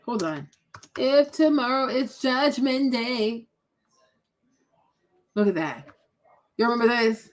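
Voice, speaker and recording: A woman host giving casual reaction commentary on pictures, animated and exclaiming, repeating herself a lot. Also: on the high side, slow pace, long pauses. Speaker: commentary vlogger.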